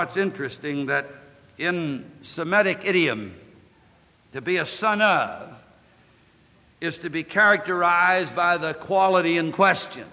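Guy preaching a sermon, bright forceful voice, kinda high, big hall echo. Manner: declamatory, slows and rises on scripture quotes. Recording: long hall reverb.

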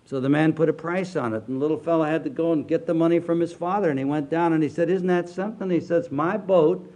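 An older man, a pastor, preaching a sermon, dropping low and quiet then rising loud with slow, drawn-out emphasis. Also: steady tone.

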